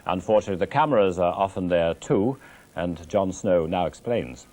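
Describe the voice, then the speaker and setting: A male news anchor presenting election night coverage live, measured as he links between reports. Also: deep voice, animated, warm tone.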